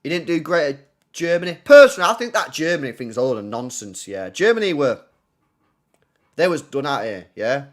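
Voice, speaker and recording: A man talks football on a casual livestream. His voice sits a little high and swings widely in pitch. He is blunt and profane, and he doubles back on his own words. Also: moderate pace. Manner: animated, blunt and profane, repeats himself. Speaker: football channel host.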